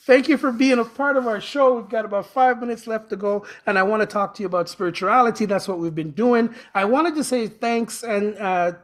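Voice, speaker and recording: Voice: medium pitch, a little fast, few pauses. Show host, chatty, meandering, self-correcting, dad-joke humor. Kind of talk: casual spiritual talk.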